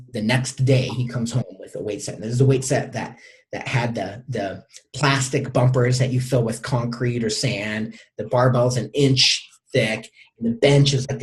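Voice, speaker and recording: Middle-aged male coach, interview guest, stop-start storytelling with many repeated words. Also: medium pitch. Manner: halting, repeats words often.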